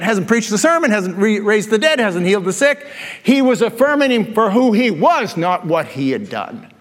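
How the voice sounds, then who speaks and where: An older man preaching a conversational sermon as a pastor, animated and telling stories with self-deprecating asides. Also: high voice, moderate pace. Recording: long reverb of a large hall.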